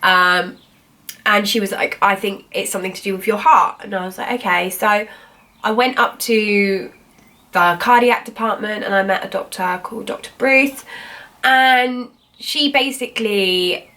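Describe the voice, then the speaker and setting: A woman's voice: mid-range voice, unhurried, bright, forceful tone, far from the mic. A woman, telling her own story in a rambling, chatty way, full of "like" and "I was like". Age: 20s. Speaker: vlogger. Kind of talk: casual personal storytelling.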